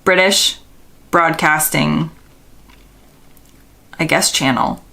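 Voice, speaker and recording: A woman's voice: sits low, drawn-out words, vocal fry, bright, forceful tone. American girl doing a quiz on camera, keeps second-guessing herself, casual vlog talk. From United States. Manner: thinking aloud, unsure and self-questioning. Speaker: vlogger.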